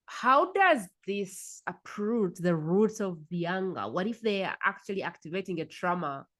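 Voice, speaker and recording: A woman's voice: fairly low pitch, big pitch swings, a little slow. A woman hosting a podcast interview, asking curious follow-up questions and murmuring agreement. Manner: curious questioning, frequent soft affirmations. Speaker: podcast host.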